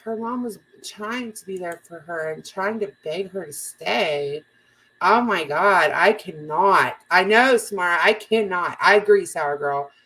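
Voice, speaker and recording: A woman's voice: on the low side, a little slow, a bit bright, low-quality recording. A woman giving casual reaction commentary, blunt and incredulous.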